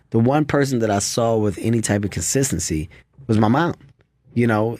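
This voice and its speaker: A man's voice: medium pitch, darkish tone, no room sound. A man in his thirties, a guest comedian, telling earnest stories in a casual studio interview. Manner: earnest storytelling. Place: radio studio. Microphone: studio mic.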